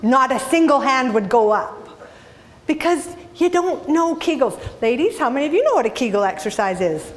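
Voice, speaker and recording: A woman from Canada gives a humorous inspirational talk with a somewhat high voice. She tells stories with animated delivery and often asks the audience questions. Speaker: inspirational speaker. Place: speaking to a live audience.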